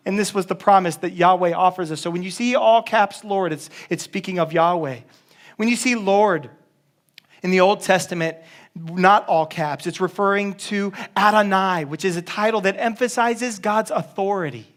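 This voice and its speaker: High-voiced pastor preaching casually. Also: male voice, normal speed, a bit bright. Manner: casual, joking, with many restarts. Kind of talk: sermon.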